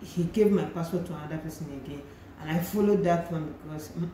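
A woman's voice: low-pitched, fast talker, warm tone, a little hiss or hum. A young Nigerian woman with a Nigerian accent, animatedly retelling a personal story in a vlog and slipping into pidgin phrases. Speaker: vlogger. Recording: very echoey room, faint ambience.

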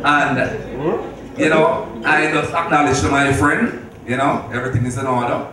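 A man's voice: medium pitch, fairly even intonation, a little slow, a crowd in the background. A middle-aged man giving a heartfelt birthday speech, telling stories with laughter and a preacherly ring. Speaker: speaker at a birthday celebration. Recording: echoey hall from far off, noisy.

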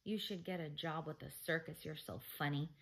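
A woman's voice: low-pitched, moderate pace, vocal fry, a bit bright. A woman reading aloud and voicing a cocky young schoolboy prankster who talks in a bold, snappy way.

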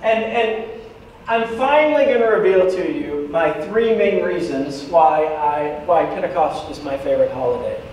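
A man with a fairly high voice preaches a sermon in a church sanctuary, animated and quick to drop a joke to his listeners. The room is very echoey, and he sounds a little distant from the mic, with a faint hiss behind him. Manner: lively, joking asides to the congregation. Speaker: pastor. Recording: echoey church hall, voice from afar, faint noise.

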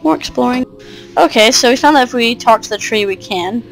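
A woman's voice: on the high side, a little fast, vocal fry, faint music behind, low-quality recording. A woman giving casual let's play commentary, chatty with muttered asides and mild swearing. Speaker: game player.

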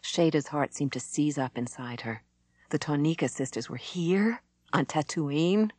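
A woman reading an audiobook in a measured, even narration. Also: deep voice, no room sound. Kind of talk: scripted narration.

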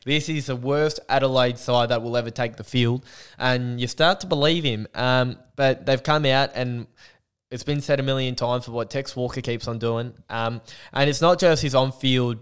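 A man with an Australian accent and a lisp, hosting a casual sports podcast with blunt, animated opinions. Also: mid-range voice, normal speed, clean tone. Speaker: podcast host.

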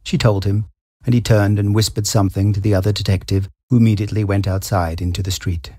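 A man reading a short story aloud in a measured, wry storytelling manner. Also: on the low side, fairly even intonation, dark tone, no echo, clean studio sound. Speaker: story reader.

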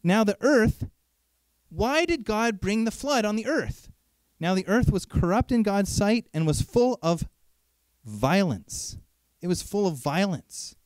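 A man preaching a sermon in an animated, conversational way, asking frequent rhetorical questions. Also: high voice, unhurried, no echo.

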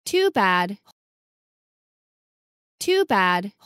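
A woman reading short English sentences slowly and clearly, saying each one twice for learners to repeat. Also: medium pitch, sing-song, a bit bright, dry recording, clean studio sound. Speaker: English lesson reader.

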